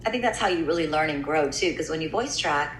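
Candid middle-aged American woman, low voice. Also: quick pace, roomy sound, a little hiss or hum, rough recording. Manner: candid, relaxed, frequent "you know". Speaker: radio host and voiceover artist. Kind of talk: casual chat.

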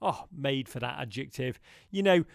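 Gravelly, smooth-voiced podcast host man. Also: medium pitch, lively intonation, moderate pace, no room sound, clean studio sound. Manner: wistful, rambling, emphatic. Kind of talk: casual podcast monologue answering listener questions.

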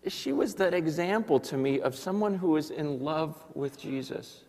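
A man, a pastor, preaching a sermon and telling a story in quoted voices, swinging from hushed to loud. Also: a little high, normal speed. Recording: long hall reverb.

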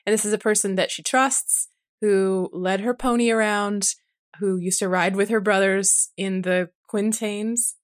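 A woman co-hosting a casual book podcast, retelling scenes in a lively way with acted quotes. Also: mid-range voice, a little slow. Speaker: podcast co-host.

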